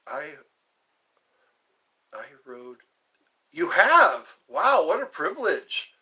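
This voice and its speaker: A man's voice: on the high side, pushed and bright, husky, low-quality recording. A man hosting a live stream, rambling casually and answering viewers' comments.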